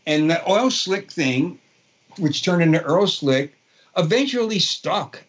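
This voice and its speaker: A man's voice: on the high side, animated, slow pace, dull audio. A man in his sixties from Brooklyn with a Brooklyn accent, a guitarist telling rambling stories in an interview with many fillers and restarts. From Brooklyn, New York. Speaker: guest guitarist. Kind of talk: casual storytelling interview.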